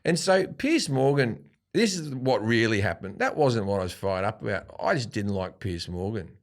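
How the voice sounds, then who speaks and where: Mężczyzna z australijskim akcentem, w średnim wieku, opowiada w wywiadzie barwne, wulgarne historie i odgrywa cudze kwestie. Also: male voice, fairly low pitch, normal speed. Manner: profane, animated storytelling with acted-out quotes. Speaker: guest comedian. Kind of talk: storytelling in a casual interview. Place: studio.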